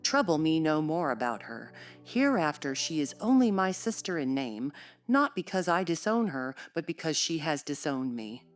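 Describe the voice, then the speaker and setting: A woman voicing a proud gentleman master of the house, speaking in a clipped, formal way. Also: deep voice, very animated, normal speed, soft background music. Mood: cold. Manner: clipped, formal, agitated to cold.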